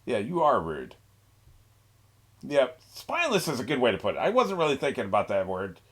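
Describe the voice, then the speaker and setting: A man's voice: mid-range voice, wildly swooping pitch, brisk, a bit bright, husky. A young man hosting an anime reaction, rambling in a laid-back way with frequent laughs and mocking asides. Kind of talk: casual reaction commentary.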